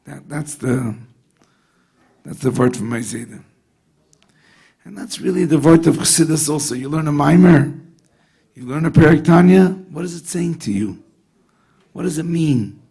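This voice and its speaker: A rabbi holding a gathering's attention with a lively tale, his fairly high voice rough with a gravelly edge. He talks like a friend across the table, slipping in Yiddish words and asking his listeners whether they follow. The tone is husky rather than clean. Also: normal speed, long pauses. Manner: animated storyteller sprinkling Yiddish and Hebrew words; conversational, often asks the audience "you know what I mean?". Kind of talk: storytelling talk at a Hasidic gathering.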